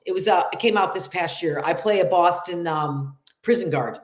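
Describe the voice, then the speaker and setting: A middle-aged actress with a nasal upstate New York accent, chatting in an interview and acting out little quotes. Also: female voice, fairly low pitch, normal speed, reverberant. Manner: chatty, laughs often, acts out quotes. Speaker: actress guest. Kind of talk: casual interview chat.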